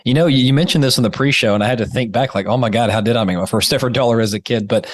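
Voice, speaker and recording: A man, a podcast guest telling stories in a lively way. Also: medium pitch, rapid-fire, no room sound, studio quality. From Texas, USA. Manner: lively storytelling, laughs easily. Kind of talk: interview podcast.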